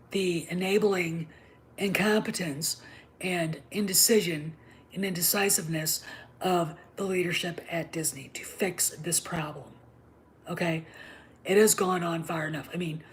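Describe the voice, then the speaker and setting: Middle-aged female host, low-pitched; impassioned opinion monologue with emphatic whispered asides. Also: measured pace, a little hiss or hum. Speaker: channel host.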